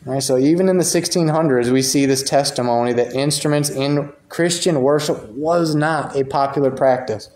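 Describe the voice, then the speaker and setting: A man's voice: medium pitch, moderate pace, few pauses, darkish tone. A man teaching a church Bible class in a conversational way, reading quotations aloud and commenting on them. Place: church meeting room. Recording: roomy echo.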